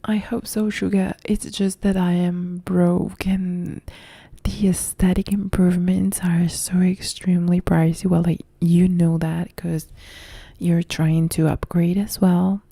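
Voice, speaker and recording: A young Italian woman speaking in a soft whisper, her voice deeply dark and full of gravelly fry. She chats casually with viewers in a whispered role-play live stream, her English carrying a clear Italian accent, and the sound is dry and close. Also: flat delivery, measured pace, dry recording. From Italy. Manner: soft whispered chat reading viewer comments.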